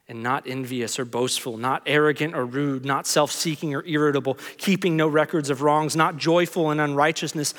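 A man's voice: on the high side, steady tone, moderate pace, fairly bright tone, in a large hall. A man preaching a sermon as a pastor, earnest, with self-mocking asides.

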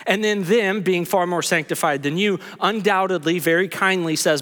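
A man's voice: high-pitched, animated, moderate pace, a bit bright, big-room sound. A man preaching a sermon as a pastor, earnest, with self-mocking asides.

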